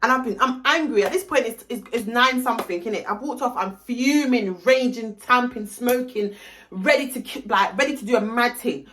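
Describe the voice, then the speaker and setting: Young woman, high bright voice, telling a fired-up story, swears a lot. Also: normal speed. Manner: animated, heated and expletive-laden. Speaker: vlogger. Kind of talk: storytime vlog.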